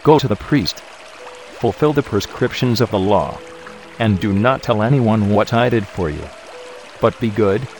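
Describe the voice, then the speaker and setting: An actor playing a gentle but authoritative holy teacher who speaks in a measured, solemn way in an audio drama. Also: male voice, lowish voice, soft background music, lightly acted. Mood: calm.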